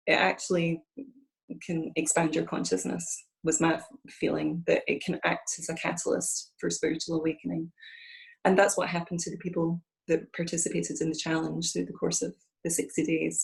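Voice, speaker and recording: Scottish lady guest, earnest and thoughtful, lowish voice, video call. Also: vocal fry, a little mellow, poor audio. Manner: earnest, reflective, with restarts. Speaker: interview guest. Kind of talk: conversational interview.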